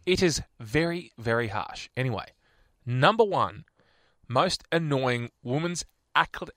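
An Australian man hosting a radio show, chatting in playful, animated, mock-indignant banter. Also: mid-range voice, unhurried, dry recording, clean studio sound. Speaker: radio host.

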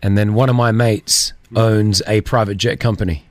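A man's voice: fairly low pitch, moderate pace, dry recording. A man, hosting a casual radio chat and telling stories with jokes. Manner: jokey, animated storyteller. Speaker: radio host. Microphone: studio mic.

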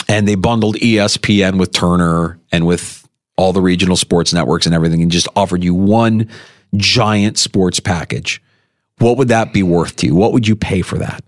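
A man hosting a sports radio show, talking casually and animatedly, his pitch leaping when he makes a point. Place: radio studio.

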